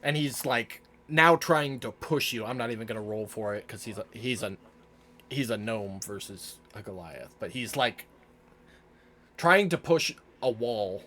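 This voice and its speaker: A man narrating a tabletop game as game master, with lively narration and frequent laughs. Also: medium pitch, a little slow, slight background noise.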